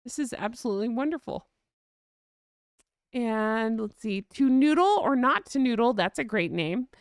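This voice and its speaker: Woman reading chat comments on her live stream, gushy and laughy, kinda high voice, dry close sound. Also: animated, smooth, no room sound. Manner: chatty and gushing, quick to laugh.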